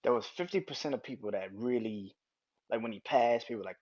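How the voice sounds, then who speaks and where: A man's voice: medium pitch, brisk, darkish tone. A young man hosting a solo podcast, talking casually in a rambling way with frequent restarts and free swearing. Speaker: podcast host. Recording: dull lo-fi sound.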